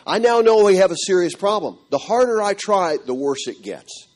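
A middle-aged man telling a church audience his marriage story in an animated, storytelling way. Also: sits high, moderate pace. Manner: animated storytelling, acting out quotes. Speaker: speaker giving a marriage testimony.

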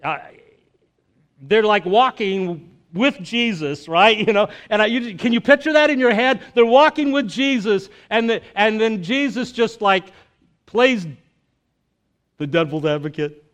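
A man's voice: sits high, a little slow, fairly bright tone. A male preacher giving a sermon in a casual, conversational way, with jokes and filler words.

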